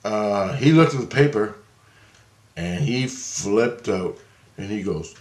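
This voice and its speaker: A man's voice: lowish voice, expressive, takes it slowly, pauses often, darkish tone, echoey room. A man rambling through a personal story in a casual monologue, restarting and repeating himself. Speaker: vlogger.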